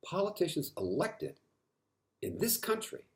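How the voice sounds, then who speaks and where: Man, frustrated vlogger monologue, fairly high and very animated pitch, emphatic bursts, stumbles into repeats when agitated. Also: unhurried. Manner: impassioned, swings from quiet to loud emphatic outbursts. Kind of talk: impassioned monologue to camera.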